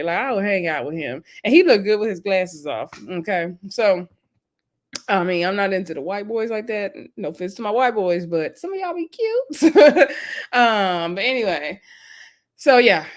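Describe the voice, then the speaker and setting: A woman's voice: mid-range voice, fairly bright tone. A woman, recapping a reality show in a sassy, chatty vlog style. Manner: chatty and sassy, with frequent laughs and asides.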